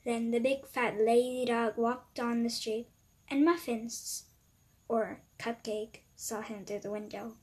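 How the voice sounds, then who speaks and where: Woman reading a kids' story, slow, breathy, plain narration. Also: a little high, fairly even intonation, a little mellow.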